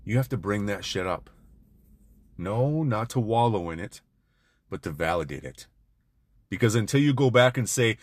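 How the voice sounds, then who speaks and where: A man with a fairly low voice speaks in a blunt, intense, profane motivational monologue aimed at men. The sound is dry and close, with no room around it. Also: expressive, normal speed, no room sound. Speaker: men's self-help speaker.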